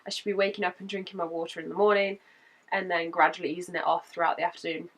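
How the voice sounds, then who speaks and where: Woman vlogger, croaky from a cold, chatty and giggly, sits back from the mic. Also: lowish voice, level tone, fast, a bit bright, distant mic. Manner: chatty, laughs between points. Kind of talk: casual chatty update.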